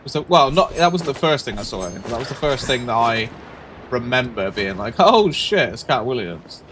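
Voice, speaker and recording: A man, animated and swearing in casual chat as a streamer. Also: normal speed. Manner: animated, swearing, acts out quotes with sudden high yelps. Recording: noisy background.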